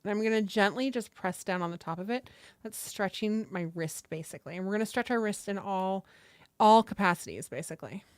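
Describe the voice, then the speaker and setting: A woman hosts a relaxed livestream from her table, leading viewers through stretches in an easygoing, chatty way. She swears casually and greets people from the chat by name. Her voice sits in a middle range and is caught on a close desk mic with a dry, roomless sound. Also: medium pitch, brisk, no room sound. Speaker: livestream host. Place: seated at a table at home. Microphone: desk microphone close by.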